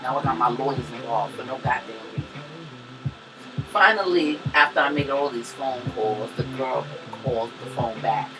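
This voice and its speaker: A woman's voice: very deep voice, normal speed. Brash cursing woman telling a story on a podcast, sounds far from the mic. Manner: brash, profane, swings from loud to hushed. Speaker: podcast co-host. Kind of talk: animated storytelling. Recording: distant mic with music behind.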